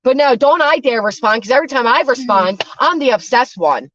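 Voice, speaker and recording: Woman, commentary host, scornful swearing rant, fairly high voice, dull dry sound. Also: lively intonation, a little fast, a bit bright, no echo. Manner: profane, scornful ranting. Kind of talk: angry drama commentary.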